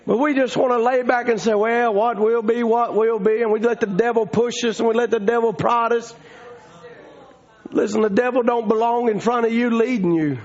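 A man preaching a storytelling sermon, folksy and rising to shouting fervor. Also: very high voice, fairly even intonation, fairly quick. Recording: dull lo-fi sound.

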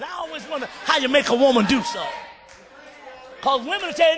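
A male preacher delivering a fiery shouted sermon, calling for amens and acting out voices. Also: very high voice, expressive, quick pace, pauses often, a crowd in the background.

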